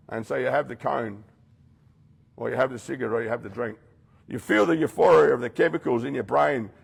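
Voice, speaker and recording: A man's voice: mid-range voice, gravelly, slightly rough. A man leading a rehab group, giving a blunt, confronting talk that speaks straight to his listeners and acts out the voices he quotes. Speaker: rehab program leader speaking to residents.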